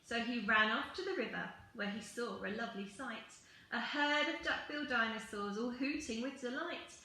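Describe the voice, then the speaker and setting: A woman teacher reading a rhyming picture book aloud in an expressive, rhythmic storytelling manner. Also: fairly high pitch, normal speed. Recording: very echoey room.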